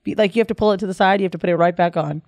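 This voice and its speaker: This woman co-hosts a casual podcast. She reads out odd facts, laughs a lot and swears freely. Her pitch sits in the middle, and the studio sound is dry and close. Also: racing, a little mellow, no room sound. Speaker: podcast co-host. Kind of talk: casual chat. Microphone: studio mic.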